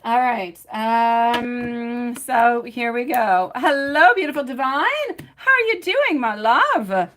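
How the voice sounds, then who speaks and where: A woman's voice: a little high, lively intonation, takes it slowly, fairly bright tone, a little hiss or hum. Chatty woman reading tarot live. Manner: affectionate, calls viewers pet names; chatty, sings snatches while shuffling.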